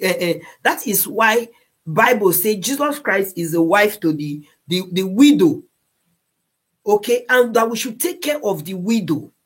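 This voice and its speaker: A woman's voice: mid-range voice, husky. A woman with a Nigerian accent giving earnest moral advice, slipping into Pidgin phrases and repeating words as she searches for them.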